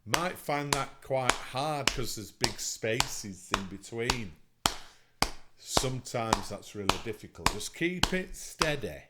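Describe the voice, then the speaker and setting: Upbeat music teacher. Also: male voice, medium pitch, animated, slow, very noisy. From England. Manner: upbeat, encouraging, counts children in. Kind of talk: online music lesson for children.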